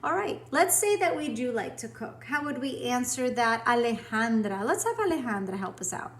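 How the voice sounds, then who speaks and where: A woman teaching a recorded language lesson to students, upbeat and encouraging, speaking clearly and slowing down to model example sentences. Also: a little high, big pitch swings, slight background noise.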